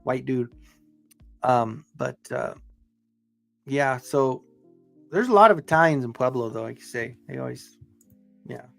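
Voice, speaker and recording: A man's voice: medium pitch, unhurried, creaky, long pauses, faint music behind. A middle-aged man from Southern Colorado with a Southern Colorado accent, rambling and swearing cheerfully as he hosts a casual live stream. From Southern Colorado, USA. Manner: rambling, chatty, profane, upbeat. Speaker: livestream host.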